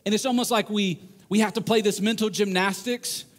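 Man, high voice, sermon to men, earnest, animated. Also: a little fast. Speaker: pastor.

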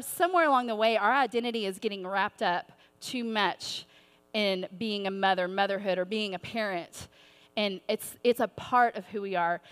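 A woman's voice: a little high, fairly bright tone, clear, resonant tone. A woman giving an earnest, conversational sermon-style talk to mothers, encouraging and personal. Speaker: women's ministry speaker.

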